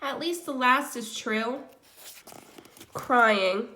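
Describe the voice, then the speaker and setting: Bright-voiced woman reading a novel aloud. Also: on the high side, very slow. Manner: casual asides between chapters. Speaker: audiobook reader.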